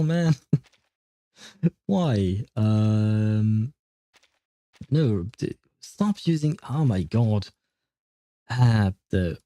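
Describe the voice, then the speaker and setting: A man streaming a game, chatting casually, laughing often and filling pauses with hesitant "uh"s. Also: medium pitch, warm tone, dry recording. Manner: reads and answers chat aloud. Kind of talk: casual live-stream chat while playing.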